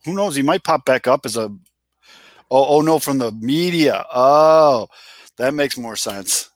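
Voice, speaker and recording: A man's voice: mid-range voice, animated, measured pace, no room sound. A chatty man talking sports, dry sound. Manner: conversational, rambling with restarts and swearing. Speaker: podcast co-host. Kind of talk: casual sports talk.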